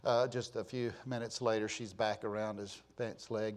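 Older pastor preaching with rising passion. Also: male voice, lowish voice, level tone, moderate pace, few pauses. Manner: building from conversational to impassioned crying out. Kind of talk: sermon.

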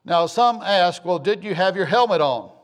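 A man's voice: high voice, animated, normal speed. A middle-aged man from the southern United States tells a rambling, homespun personal story with self-deprecating humor.

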